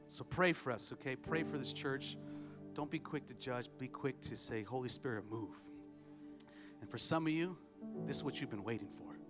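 A man preaching a sermon as pastor, telling a family story with humor and building to loud exhortation. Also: mid-range voice. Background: music.

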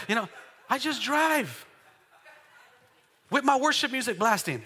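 Male pastor, high bright voice, lively sermon in a reverberant church hall. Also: a little slow, long pauses, breathy edge. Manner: call-and-response preaching, builds to loud exclamations. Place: church sanctuary.

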